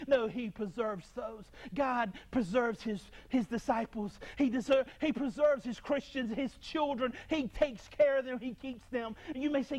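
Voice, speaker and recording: A man delivering a sermon to his congregation in a very high voice. He preaches with fervor, repeating phrases and stumbling into quick restarts as he presses each point home. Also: darkish tone.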